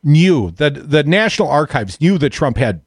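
A man hosting a call-in radio talk show, animated and self-deprecating, talking off the cuff. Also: a little high, moderate pace, slightly rough, dry recording.

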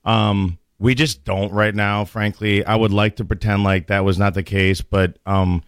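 Bar-owner guest, blunt opinionated man, low-pitched, dry close mic. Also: flat delivery, unhurried, clean tone, no room sound. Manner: blunt, opinionated, frequent restarts. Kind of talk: casual radio chat.

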